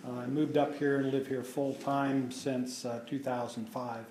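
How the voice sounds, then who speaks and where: A man giving public comment at a meeting, measured and hesitant with frequent fillers. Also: medium pitch, little pitch movement, dark tone, a little hiss or hum. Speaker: resident speaking at public meeting. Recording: echoey hall.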